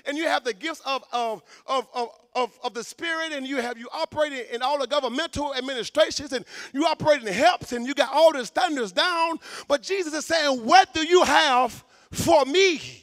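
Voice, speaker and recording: A man preaching a sermon in a church, fervent, shouting for emphasis and stumbling over repeated words. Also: very high-pitched, a little fast, few pauses, dry recording, studio quality.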